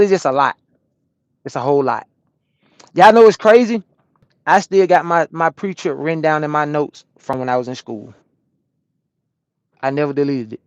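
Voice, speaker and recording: A man who drives a truck, chatting casually with his stream chat from his cab and answering questions out loud in loose slang. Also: a little high, moderate pace, long pauses, no echo. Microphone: small camera-mounted microphone.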